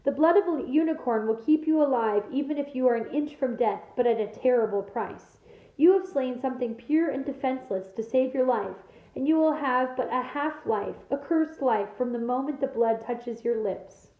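A woman voicing a calm, grave young male centaur who speaks in measured, solemn warnings. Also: high-pitched, roomy sound, phone-quality sound, natural voice.

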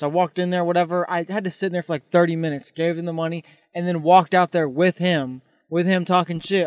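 A young man co-hosting a podcast in casual chat, telling animated stories and swearing a lot. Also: sits high, fast talker, few pauses, no room sound, clean studio sound. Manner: animated, swearing, excitable storyteller. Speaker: podcast co-host.

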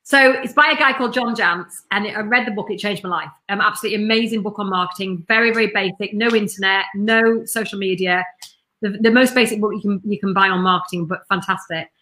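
Bright, chatty businesswoman. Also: mid-range voice, fast talker, slight background noise. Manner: enthusiastic, talkative, blunt. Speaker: marketing business owner, podcast guest. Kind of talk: casual interview chat.

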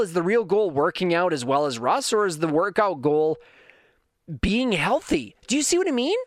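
A man talks to his stream audience in a casual, motivational way, his slightly high voice swooping and climbing when he presses a point. The sound is dry and close, with no room around it. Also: moderate pace, no echo. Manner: animated, voice leaps up high when emphatic. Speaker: streamer talking to his chat. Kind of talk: casual motivational talk with anecdotes.

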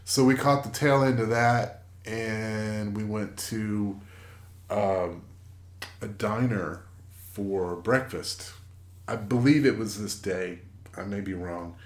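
A man in his forties with a fairly low voice rambles through a casual story, stopping and restarting often. He is recorded in an echoey room. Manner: rambling, halting, many fillers and restarts. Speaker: podcast co-host.

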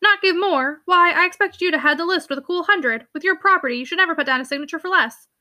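A woman's voice: extremely high pitch, quick pace, pushed and bright, voice pushed up. A woman reading the part of a pompous, thick-skinned male curate who talks down to everyone. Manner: haughty, disdainful, preachy.

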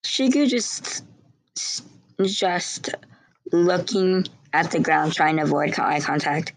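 A woman's voice: on the low side, lively intonation, slow pace, no room sound, rough recording. A young woman narrating her own fan story casually, rambling and restarting often.

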